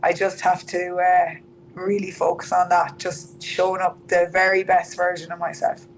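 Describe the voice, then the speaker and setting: A woman's voice: on the low side, completely flat delivery, normal speed, slight background noise, poor audio. A young Irish woman, a fighter interviewed about her career, talking candidly with lots of "like". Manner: candid, chatty, fillers of "like". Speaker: MMA fighter guest.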